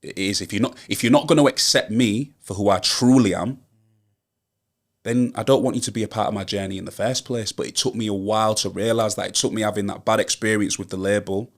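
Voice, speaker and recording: Brisk and on the low side, this young Yorkshire-accented rapper from Hull, England, keeps his intonation fairly even. As an interview guest in a casual setting, he is earnest and emphatic, working his way toward rallying advice.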